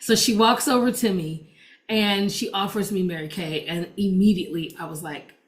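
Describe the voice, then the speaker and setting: A woman's voice: mid-range voice, moderate pace. Chatty woman preacher telling a story. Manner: chatty storytelling that acts out quoted dialogue. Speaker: preacher and gospel DJ. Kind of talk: personal testimony told to an audience.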